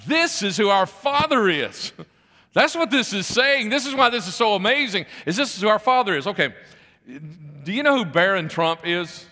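A man's voice: high voice, very animated, normal speed, sharp tone. A man preaching a conversational sermon, repeating phrases and putting questions to the congregation. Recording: long hall reverb.

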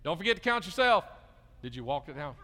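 A middle-aged pastor gives a children's sermon, coaxing the kids with lively questions. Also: male voice, on the high side, fast talker. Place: church sanctuary. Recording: long reverb of a large church hall.

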